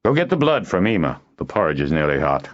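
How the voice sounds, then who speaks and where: A man voicing an irritable older male harper who talks gruffly and testily. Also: deep voice, sing-song, quick pace, muffled recording. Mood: testy. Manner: gruff and testy.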